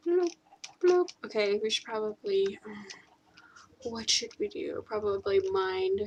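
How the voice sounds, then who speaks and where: A woman's voice: mid-range voice, sing-song, a little slow, a little mellow, lo-fi sound, slight background noise. A woman hosting a gaming video, chatting casually and laughing often as she plays. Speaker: gaming channel host. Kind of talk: casual chat while playing a game.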